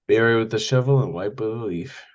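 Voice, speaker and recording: A young man co-hosting a podcast in relaxed casual chat, repeating running jokes. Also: fairly low pitch, brisk, dull audio. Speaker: podcast co-host.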